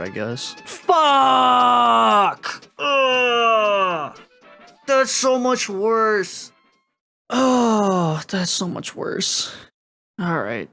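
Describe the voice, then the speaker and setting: A man's voice: mid-range voice, fairly bright tone. A young man telling stories casually in a vlog, swearing and laughing at himself. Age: young adult. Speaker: YouTuber.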